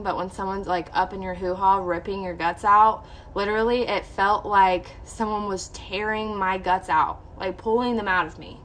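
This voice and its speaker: With a mid-range, fairly bright voice and slight background noise, a young woman vlogs about something personal. She's open and emotional with her viewers, leaning heavily on "like."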